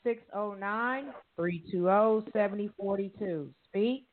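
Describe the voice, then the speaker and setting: A woman hosting a call-in radio show, reading out callers' numbers briskly. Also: mid-range voice. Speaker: radio host. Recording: thin phone line.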